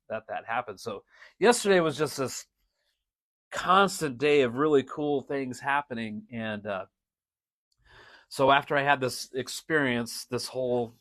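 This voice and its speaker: A middle-aged man hosting a podcast, telling a story in a casual, animated way, laughing often and restarting his sentences. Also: medium pitch, no room sound. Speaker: podcast host and drum teacher.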